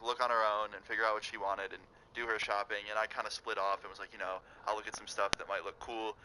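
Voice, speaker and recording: Young man, storytime vlog, quick delivery, bright edgy voice, swears a lot. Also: on the low side, a little hiss or hum, poor audio. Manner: fast, profane, animated storytelling. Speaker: vlogger.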